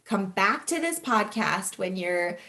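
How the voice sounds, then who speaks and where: A woman's voice: mid-range voice, very animated, takes it slowly, creaky, bright, forceful tone. A woman in her thirties hosts a podcast and gives casual, down-to-earth advice. She talks candidly and earnestly, turning often to her listeners and checking in with them. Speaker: podcast host.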